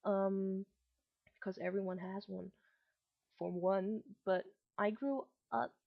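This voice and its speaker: Tinny audio captures a creaky, narrow, mid-range voice speaking slowly in a steady tone. She's a vlogger in her late teens with a light German-Malaysian English accent from growing up in both countries, rambling casually to her webcam with plenty of ums and restarts.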